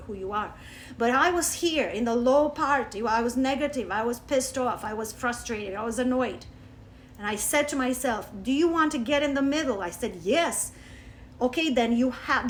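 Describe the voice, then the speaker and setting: On a phone-recorded livestream, a Romanian woman teaches spirituality through animated personal stories. Her high voice swings emphatically, then drops suddenly into soft asides. There's a little hiss or hum in the audio.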